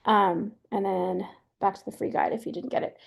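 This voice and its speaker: A middle-aged woman hosts a webinar in a steady, mid-range voice with some vocal fry, speaking at a moderate pace. She's chatty and casual, with lots of fillers and restarts.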